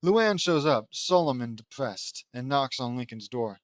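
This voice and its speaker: A man's voice: mid-range voice, expressive, unhurried, no room sound, clean studio sound. Man casually reading his own fan fiction. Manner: stumbling restarts, amused asides. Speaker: audiobook reader and author.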